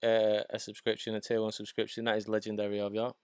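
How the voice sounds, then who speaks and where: A man co-hosting a casual livestream, bantering, swearing and breaking into loud laughs. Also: fairly low pitch, completely flat delivery, quick pace, crowd noise. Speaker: co-host.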